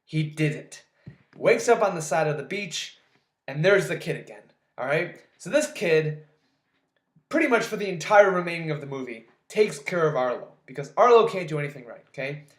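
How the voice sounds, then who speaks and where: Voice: mid-range voice, animated, normal speed. Sarcastic, ranting movie recapper in an echoey room. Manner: sarcastic, exasperated, swears freely. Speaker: movie reviewer. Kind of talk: casual movie recap rant.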